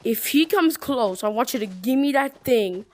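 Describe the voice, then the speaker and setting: A woman giving casual gameplay commentary with excitable, bossy trash talk. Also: fairly high pitch, normal speed. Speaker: gamer.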